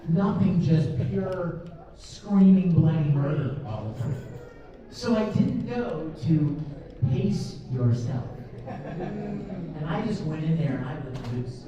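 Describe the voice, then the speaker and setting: A man's voice: on the high side, lively intonation, takes it slowly, mellow. A man who voices cartoon roles answers fan questions at a convention panel, telling stories in a chatty way and laughing often. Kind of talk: animated storytelling in a Q&A. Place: large convention panel room with an audience. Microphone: filmed from a camera in the audience. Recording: echoey hall recorded from far off, dull sound.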